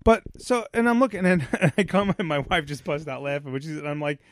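A man's voice: fairly high pitch, expressive, quick pace, no echo, studio quality. A man co-hosting a podcast, telling long rambling stories in casual chat and acting out what people said. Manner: rambling storyteller, acts out quotes. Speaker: podcast co-host.

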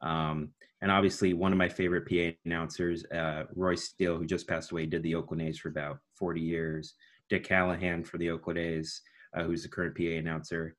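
A young man with a baritone voice, a student broadcaster chatting as a podcast guest in a rambling, self-deprecating way. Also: little pitch movement, a little fast, fairly bright tone. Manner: rambling, self-deprecating, with sudden announcer-style bursts. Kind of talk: casual podcast chat.

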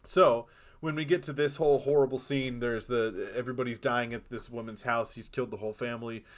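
A man co-hosting a film podcast, retelling scenes in a rambling, animated way with acted-out quotes. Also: medium pitch, brisk. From lives in Boston. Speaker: podcast co-host. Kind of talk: casual film discussion.

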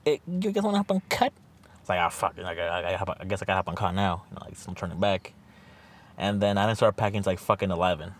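A man's voice: low voice, animated, fast talker. A young man telling a rambling trip story in a casual podcast chat, packed with fillers and swearing. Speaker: podcast co-host.

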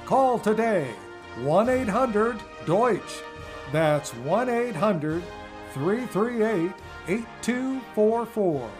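Male pitchman, slow folksy hard sell, faint guitar underneath. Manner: folksy cowboy slang, hard-sell delivery. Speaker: announcer and radio host. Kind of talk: comic mock infomercial pitch.

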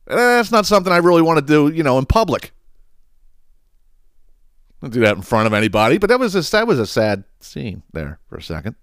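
A man's voice: a little high, huge pitch swings, fairly quick, pauses often, clear, resonant tone, no room sound. Man telling a profane rambling story. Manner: profane, rambling, laughs while telling stories. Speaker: podcast host. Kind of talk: casual storytelling monologue.

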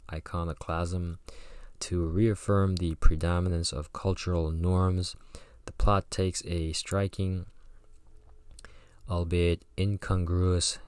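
A man's voice: low voice, darkish tone, dry recording. A man reading a folktale aloud and breaking off into chatty, slangy asides. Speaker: reader and commentator.

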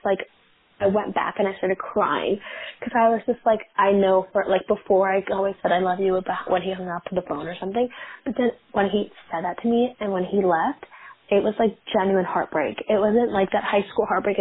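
A woman's voice: medium pitch, slightly rough. A woman in her twenties chatting casually as a guest, full of "like" fillers. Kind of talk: casual chat. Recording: phone-like narrow sound.

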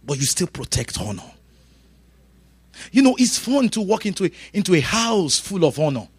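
A middle-aged man preaching a sermon in an animated way, laughing and shouting his punchlines. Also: high-pitched, moderate pace, slightly rough, no room sound. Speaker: pastor.

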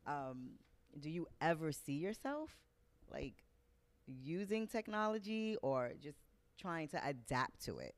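A moderator leading a panel, enthusiastic but halting, with many restarts. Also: medium pitch, clean tone. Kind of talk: panel discussion.

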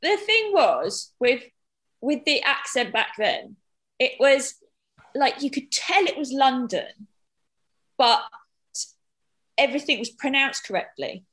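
A woman's voice: high-pitched, very animated, slow, long pauses, a bit bright. A woman chatting as a podcast guest, enthusiastic and searching for her words. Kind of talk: casual podcast chat.

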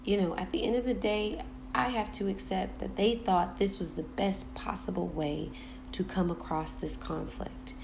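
A woman's voice: mid-range voice, moderate pace, gravelly, noisy background. A woman hosting a podcast, talking candidly in a casual, spiritual monologue full of slang and the odd curse. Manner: candid and animated, with loose slang and cursing. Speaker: podcast host.

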